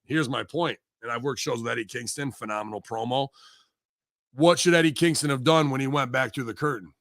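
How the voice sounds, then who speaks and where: Bright, heated, profane male wrestler. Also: mid-range voice, a little fast, dry recording, clean studio sound. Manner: heated, profane rant acting out quoted voices. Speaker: pro wrestler guest. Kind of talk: casual podcast chat.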